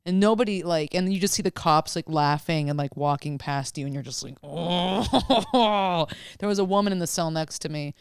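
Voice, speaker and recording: Woman, comedian, casual podcast chat, profane, candid, crisp voice. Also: low voice, quick pace, no echo. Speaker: stand-up comedian guest.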